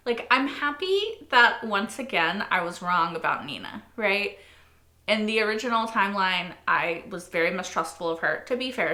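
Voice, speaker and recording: A woman hosting a casual reaction video, animated and frequently swearing, repeating phrases as she talks things through. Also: mid-range voice. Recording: roomy echo.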